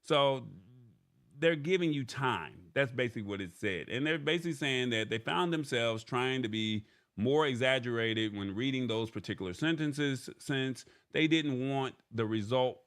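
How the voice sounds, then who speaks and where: A man hosts a live tech news stream and talks through an article point by point. His voice sits at an ordinary middle pitch for a man. He keeps checking in with the audience by asking "all right?". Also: normal speed, a bit bright. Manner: explains step by step, often adding "all right?"; paraphrases an article aloud. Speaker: tech news show host.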